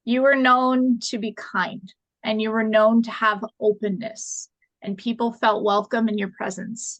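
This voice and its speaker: A woman's voice: a little high, little pitch movement, a little slow, fairly bright tone, no echo, rough recording. A woman co-hosting a podcast, speaking earnestly and repeating phrases for emphasis. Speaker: podcast co-host. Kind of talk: casual conversation.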